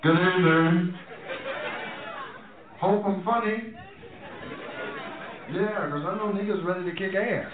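Stand-up man, high voice, profane and animated, in an echoey club heard over a tinny line with a loud crowd. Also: a little slow, pauses often. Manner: loose, profane, animated storytelling with acted-out voices. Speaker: stand-up comedian. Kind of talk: stand-up comedy set. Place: comedy club stage. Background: audience laughter and room noise.

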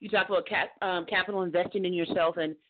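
A chatty, outspoken woman calls in to a radio show and talks fast, laughing often. Her voice comes through a thin, tinny phone line. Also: fairly low pitch, fairly even intonation, a little hiss or hum. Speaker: caller and former co-host. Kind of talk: casual call-in radio chat.

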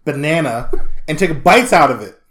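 Animated man, lively comedic storyteller. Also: fairly high pitch, normal speed. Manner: slangy, animated storytelling, laughs often. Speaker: podcast co-host. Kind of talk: casual comedic chat.

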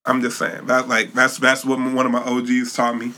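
Bright-voiced slangy man chatting. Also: mid-range voice, moderate pace. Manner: laid-back slangy, laughs easily, animated bursts. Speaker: podcast co-host. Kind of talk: casual chat.

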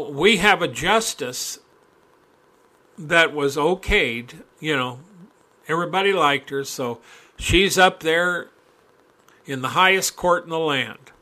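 A male preacher delivering a sermon, reading scripture aloud and breaking into folksy asides, climbing to loud, impassioned peaks. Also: on the high side.

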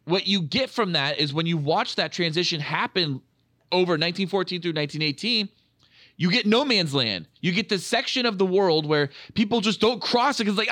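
A man co-hosting a podcast, chatting excitedly about a film with lots of swearing and acted-out quotes. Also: high voice, normal speed, no echo, studio quality. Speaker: podcast co-host. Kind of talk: casual film review chat.

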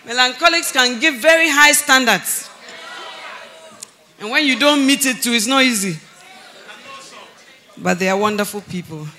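A woman pastor preaching a sermon, animated and often laughing, shouting for emphasis and then dropping to low, earnest tones. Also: measured pace, long pauses, some chatter behind.

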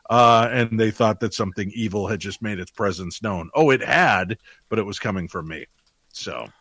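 Man, low voice, casual storyteller, animated quoting, dry close sound. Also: moderate pace, dry recording. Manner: animated storyteller, jumps high for quoted voices. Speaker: paranormal investigator guest. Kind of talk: casual anecdote telling.

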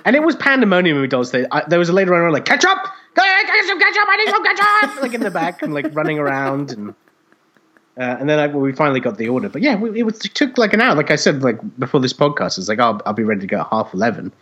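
A man co-hosting a podcast, telling a story in casual chat, animated and swearing freely as he acts out other people's voices. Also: fairly high pitch, racing. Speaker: podcast co-host.

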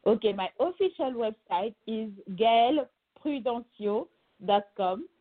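A woman with a French accent, a guest in a remote interview, speaking haltingly with many fillers and restarts. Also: on the high side, lively intonation. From France. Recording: phone-like narrow sound.

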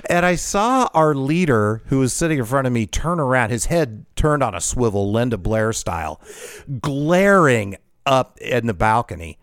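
A man casually telling a funny story about his past in an animated way, laughing often and acting out what people said. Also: medium pitch, moderate pace, no room sound, studio quality.

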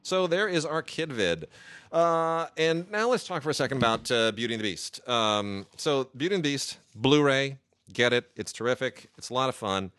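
A man reviewing new home video releases in a casual, rambling chat, with many filler pauses. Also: mid-range voice, lively intonation, fairly bright tone.

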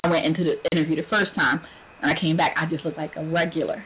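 A woman hosting a talk radio show, telling stories in a lively way, laughing often and acting out the people she quotes. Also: low-pitched, fast talker. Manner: animated storytelling, laughs often, acts out quoted voices. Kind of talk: casual talk radio chat. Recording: phone-line radio with faint noise.

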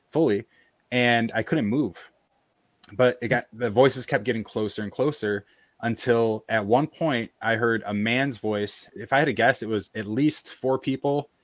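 A man telling a personal story in casual conversation, halting and full of fillers and restarts, on a video call. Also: medium pitch, no room sound. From American South, Appalachia. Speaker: podcast guest.

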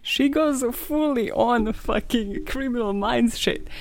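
Gravelly-voiced woman telling true crime. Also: on the high side, takes it slowly, darkish tone. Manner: profane, sarcastic, laughs often. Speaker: podcast host. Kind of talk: casual true-crime storytelling.

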